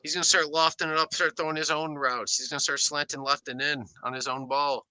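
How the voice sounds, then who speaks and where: A man co-hosting a sports podcast, talking with excited, hyped-up energy. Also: fairly high pitch, brisk, clean tone, no room sound, poor audio. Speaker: podcast co-host. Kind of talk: casual sports chat.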